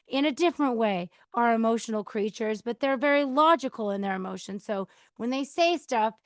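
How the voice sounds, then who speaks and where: A woman whose voice sits high hosts a podcast, casually advising on choosing peace while acting out quoted replies and laughing often. It's recorded with studio quality and no room sound, using a mic on a counter.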